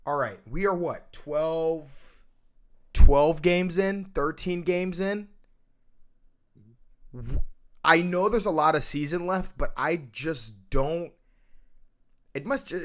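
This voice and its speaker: A man hosting a casual sports podcast, ranting emphatically and swinging between loud outbursts and low mutters. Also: slow, long pauses. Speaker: podcast host.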